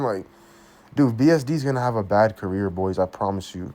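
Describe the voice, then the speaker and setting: A young man with a fairly low voice talks through a fight recap in blunt, casual slang. He swears nearly every sentence and speaks his mind with no polish. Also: animated, moderate pace, pauses often, a little mellow. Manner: blunt, heavily profane, slangy. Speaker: fight reviewer. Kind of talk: casual commentary.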